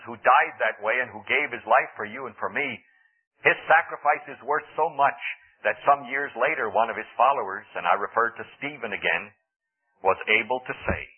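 Husky preacher on tinny radio. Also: male voice, mid-range voice. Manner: earnest, dramatic storytelling with rising emphasis. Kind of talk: radio sermon.

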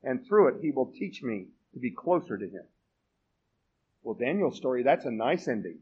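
A man's voice: medium pitch, very animated, normal speed, breathy edge, dull audio. A man in his forties preaching a sermon as pastor, telling the story with self-deprecating humor.

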